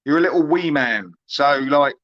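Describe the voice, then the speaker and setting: A man's voice: a little high, expressive, normal speed, dull audio, crowd noise. A man trading insults in a heated livestream argument, mocking and talking over the others. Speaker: livestream panel guest.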